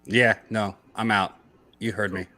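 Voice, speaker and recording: A man's voice: fairly low pitch, level tone, a little slow, bright, forceful tone, dry recording. A man co-hosting a casual sports betting show, blunt and swearing, with hesitant fillers. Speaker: co-host. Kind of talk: casual podcast chat.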